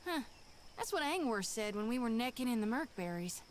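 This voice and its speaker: Cheeky high-voiced companion. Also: female voice, big pitch swings, brisk, a little hiss or hum. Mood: teasing. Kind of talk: video game voice acting.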